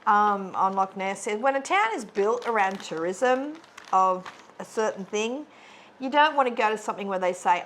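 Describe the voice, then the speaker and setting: A woman co-hosting a stitching channel, chatting casually and rambling with many fillers and restarts, seated on a bed in a dark room. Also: mid-range voice, animated, moderate pace, a little hiss or hum. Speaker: co-host of a stitching video channel. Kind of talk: casual chat. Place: dark bedroom, sitting on a bed.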